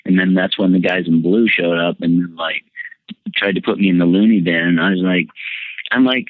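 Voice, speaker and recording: Animated man telling a story over a tinny line. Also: normal speed, dry recording. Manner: animated storyteller, jumps high when quoting himself. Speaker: podcast guest. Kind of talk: candid storytelling conversation. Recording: dry, tinny phone-like line.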